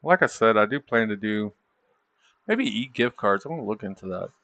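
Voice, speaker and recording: Guy w a rough low voice, chill trading stream chat, keeps asking stuff like "didn't it?", dry sound. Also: lively intonation, moderate pace, a bit bright, no echo. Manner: rhetorical tag questions; loose, chatty, thinking aloud. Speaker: trading livestream host. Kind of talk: casual livestream chart commentary.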